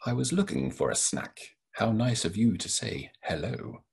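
A man's voice: on the low side, very animated, normal speed, vocal fry, darkish tone, slightly rough, exaggerated voice. A man voicing a sly, hungry lion in a storybook read-aloud, sweetly menacing and coaxing. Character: sly, hungry male lion, falsely friendly.

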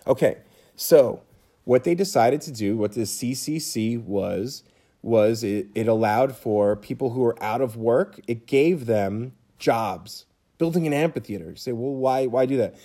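A man's voice: medium pitch, unhurried, dark tone. A middle-aged man teaching a history lesson from home in a casual lecture style, often checking in with "okay?" and "right?". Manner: conversational, frequent "okay?" and "right?" check-ins. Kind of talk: recorded classroom lecture over slides. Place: home room, cats nearby.

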